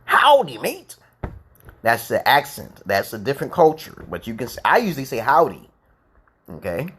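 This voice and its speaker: A man with a lively pitch and a slightly breathy edge lectures a little fast on a livestream that mixes casual chat with English practice. As host, he repeats himself and keeps checking in with "correct?" and "okay?"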